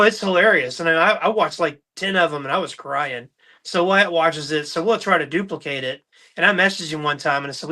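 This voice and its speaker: Bright-voiced middle-aged man telling stories. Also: a little high. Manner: storytelling, animated, mimics voices in anecdotes. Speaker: podcast host. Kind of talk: casual chat.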